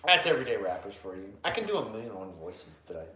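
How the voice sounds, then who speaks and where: A man's voice: lowish voice, very animated, very fast, sharp tone, reverberant. A young man in crude, joking casual banter as podcast co-host, sliding into silly voices. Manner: joking, profane, keeps slipping into voices.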